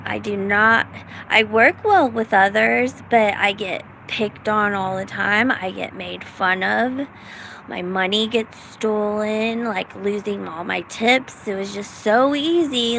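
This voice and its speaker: A woman's voice: medium pitch, slow pace, gravelly, fairly bright tone, a little hiss or hum, rough recording. A middle-aged woman from the United States, rambling casually in a self-deprecating vlog with lots of fillers. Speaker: vlogger.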